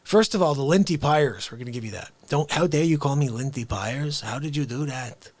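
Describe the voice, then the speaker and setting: Excitable man hosting a livestream. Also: medium pitch, brisk, dry recording. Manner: excitable, upbeat, swings between loud bursts and quiet asides; talks straight to the viewers. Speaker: livestream host. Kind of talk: casual live-stream chat.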